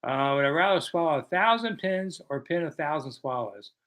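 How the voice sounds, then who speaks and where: A man's voice: on the high side, expressive, normal speed, fairly bright tone. A man in his sixties from the American South, hosting a casual live chat, reading viewer questions and answering with self-deprecating humor. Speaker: host.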